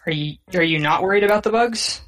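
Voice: medium pitch, quick pace, fairly bright tone, low-quality recording. A player in a tabletop game who speaks hesitantly, often with questions. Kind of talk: tabletop role-play.

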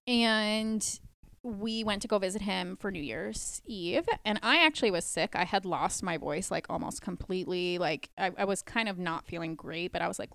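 A young woman co-hosting a podcast, telling a long story in a casual, animated way. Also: medium pitch, creaky, smooth, no echo. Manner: animated storyteller, puts on a mock British accent for quoted lines. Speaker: podcast co-host.

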